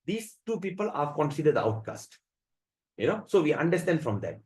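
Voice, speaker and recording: A man teaching a devotional scripture class, telling stories in an animated way, acting out the voices and often restarting his sentences. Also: a little high, a little fast, low-quality recording. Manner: animated storyteller who acts out the voices, with frequent restarts. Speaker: spiritual teacher.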